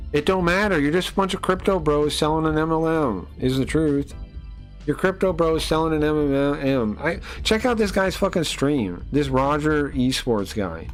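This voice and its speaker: A man live-streaming and ranting to his chat, incredulous and exasperated, with lots of fillers. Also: a little high. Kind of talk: casual live-stream rant.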